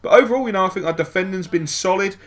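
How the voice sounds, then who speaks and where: A man commentating his own football video game, muttering over plans and then yelling and swearing at the match. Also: high voice, fast. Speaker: gaming YouTuber. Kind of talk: let's-play commentary.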